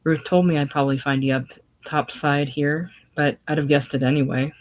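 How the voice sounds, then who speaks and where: A woman's voice: sits low, steady tone, moderate pace, lightly acted. A woman reading as a breezy, bossy ship's officer. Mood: breezy hearty. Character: brisk, breezy ship's officer, authoritative man. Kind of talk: solo play reading.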